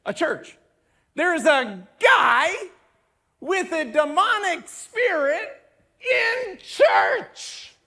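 A male pastor giving a sermon, moving from a family story into loud, emphatic preaching with scripture reading. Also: extremely high pitch, expressive, very slow.

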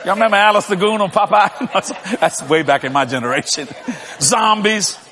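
An older man, a pastor, preaching with lively storytelling, acting out dialogue and laughing often. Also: high-pitched, moderate pace, long reverb tail. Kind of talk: sermon.

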